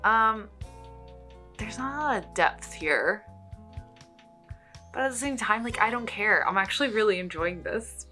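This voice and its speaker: Bright, excitable young woman vlogger. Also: medium pitch, measured pace, pauses often, faint music behind. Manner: excitable, chatty and playful. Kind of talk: casual reaction commentary.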